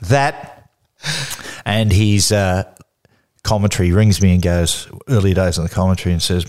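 Deep-voiced Australian man telling stories. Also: normal speed. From Newcastle, Australia. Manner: lively anecdotal, laughs through stories. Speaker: guest. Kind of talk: casual interview storytelling.

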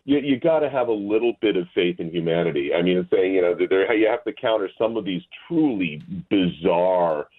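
A man appearing as a guest on a talk show, speaking haltingly with many fillers and restarts. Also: low-pitched, lively intonation. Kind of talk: casual chat. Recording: tinny phone line.

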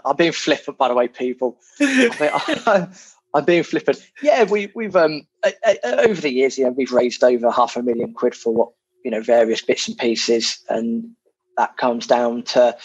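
A man's voice: medium pitch, fairly even intonation, normal speed, breathy edge, no echo, low-quality recording. A man from England chatting casually as a property investor guest, frank and self-deprecating, with plenty of fillers. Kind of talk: casual podcast chat.

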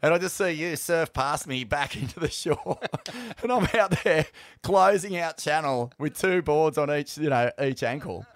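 A man's voice: fairly high pitch, lively intonation, measured pace, few pauses, dry recording. A man hosting a podcast, chatting casually, swearing freely and laughing through his stories. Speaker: podcast host. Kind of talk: casual chat.

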